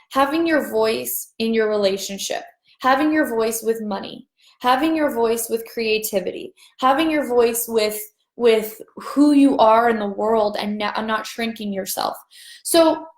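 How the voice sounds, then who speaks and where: A woman facilitator hosting a casual livestream, chatting brightly and slowing down to recite repeated clearing phrases. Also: on the high side. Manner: bubbly and chatty, slows down for repeated clearing lines. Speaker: Access Consciousness facilitator. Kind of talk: livestream chat with chanted clearing statements. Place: home livestream set-up. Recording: roomy echo.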